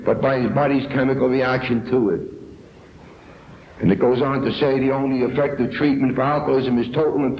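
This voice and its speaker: A man's voice: medium pitch, a little hiss or hum. A man from New York giving an earnest, emphatic personal testimony at a recovery meeting. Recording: echoey, dull 1970s tape recording.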